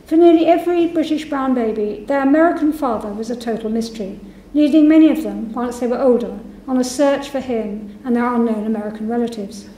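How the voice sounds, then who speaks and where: A woman's voice: fairly high pitch, brisk, hardly any pauses, mellow, slight background noise. A woman giving a public university lecture, reading testimonies aloud and voicing the quoted speakers. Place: lecture hall. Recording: echoey lecture hall.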